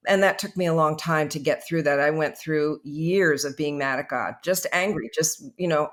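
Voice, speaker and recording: A woman's voice: deep voice, normal speed, hardly any pauses. An older woman, a guest author, telling her faith story in an earnest, reflective way on a podcast interview.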